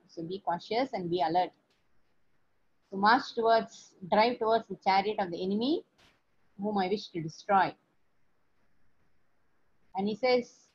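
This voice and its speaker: A woman's voice: medium pitch, a little mellow, breathy edge. A woman teacher explaining scripture in a chanting lesson, talking in a conversational way with rhetorical questions, on a dull lo-fi recording.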